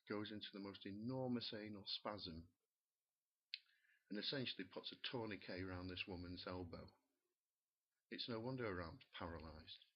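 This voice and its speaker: A man's voice: fairly low pitch, breathy edge. A man doing a stand-up comedy rant, sneering and exasperated, swearing freely. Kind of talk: profane comic rant. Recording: muffled lo-fi recording.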